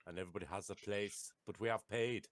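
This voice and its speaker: A man's voice: lowish voice, steady tone, fast talker. A man playing a tabletop game, laid-back and joking. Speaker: player.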